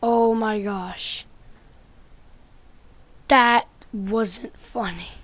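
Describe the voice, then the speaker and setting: A woman with a high, bright-sitting voice teases other players through her gameplay commentary. She takes her time with the words, swinging from loud taunts down to quiet muttering. The sound is dry and close, with no room around it. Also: no echo. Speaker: gaming YouTuber.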